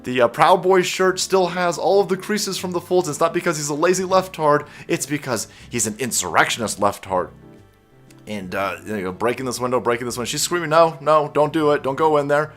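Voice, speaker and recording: A man's voice: a little high, lively intonation, brisk, fairly bright tone, soft background music. A man ranting as an online commentator, profane, sarcastic and heated. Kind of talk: political commentary rant.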